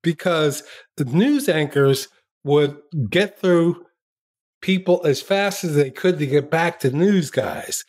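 Lively, slow-talking older storyteller man. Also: fairly high pitch. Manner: lively anecdotes, acts out quotes, laughs often. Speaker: guest, former TV journalist. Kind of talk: storytelling in a podcast interview.

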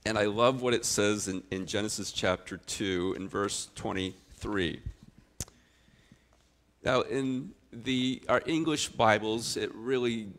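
A middle-aged man, a pastor, preaching a sermon with expressive storytelling that swings from loud to quiet. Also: on the low side, slow pace.

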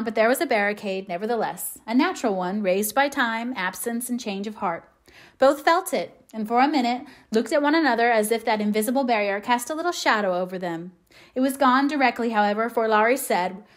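A woman narrating a classic novel aloud in a measured, gently expressive way. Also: a little high. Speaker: audiobook reader. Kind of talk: scripted narration.

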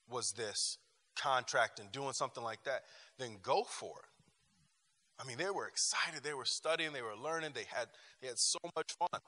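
Male class teacher, emphatic and repetitive, forceful bright tone, church room with long reverb. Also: medium pitch. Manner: emphatic, repeats phrases and restarts often. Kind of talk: lively class talk with personal stories.

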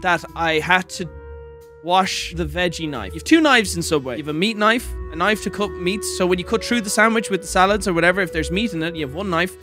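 A man's voice: high voice, a little fast, pushed and bright, faint music behind. A young man co-hosting a stream, telling a story in a playful, mock-confessional way. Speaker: streamer co-host. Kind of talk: casual chat, storytelling.

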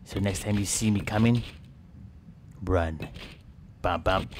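A man's voice: deep voice, slow pace, darkish tone, slight background noise. A man voicing a sly male great white shark who poses as a friendly dolphin, with a mock-friendly, boastful manner. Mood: menacing.

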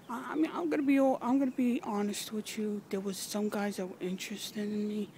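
A woman recording an emotional personal video message, halting, sighing and swearing as she nears tears. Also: medium pitch, fairly even intonation, warm tone. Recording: noisy background with vehicles.

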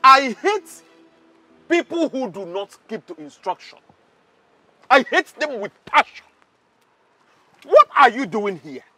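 A Nigerian actor playing an arrogant, mocking palace security chief who shouts insults. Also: male voice, big pitch swings, takes it slowly, long pauses, no room sound, soft background music, exaggerated voice. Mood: scornful. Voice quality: high, bright, shouting and mocking. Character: arrogant loud-mouthed male palace guard. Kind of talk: Nollywood drama acting.

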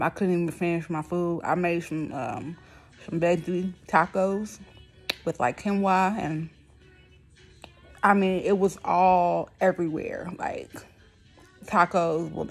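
Frustrated woman vlogger, slangy and blunt, with a lisp from a palate expander and a slightly low voice. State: speech thick and lisping from a new palatal expander. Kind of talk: casual venting to camera.

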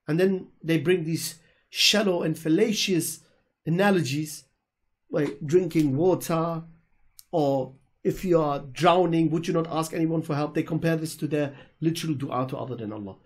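In a Q&A-style religious argument over an online voice call, a man answers questions in an emphatic, preachy manner, repeating things for stress. His voice is on the high side and slightly rough.

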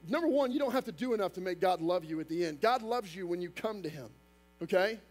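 A male pastor preaching a sermon, talking fast and emphatic, with casual asides to the congregation. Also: high voice, lively intonation, soft background music.

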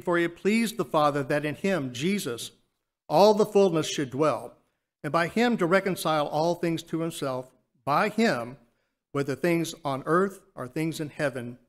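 A man giving an earnest Lord's Supper reflection in church, slowing down to stress key phrases. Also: on the high side. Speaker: church speaker. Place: church sanctuary.

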